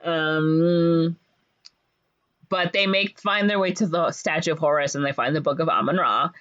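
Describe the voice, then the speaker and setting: A woman's voice: deep voice, unhurried, fairly bright tone, no echo. A woman co-hosting a podcast, recapping a movie in a casual, playful way, full of ums and likes and jokey voiced-out lines. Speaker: podcast co-host. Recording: dull lo-fi podcast audio.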